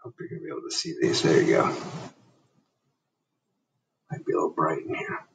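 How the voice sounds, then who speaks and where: Friendly teacher reading to young kids. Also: male voice, a bass voice, sing-song, a little fast, vocal fry, far from the mic, noisy background. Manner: gentle, chatty, asks kids questions. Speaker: first grade teacher. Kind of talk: reading a picture book aloud to children. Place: indoor room.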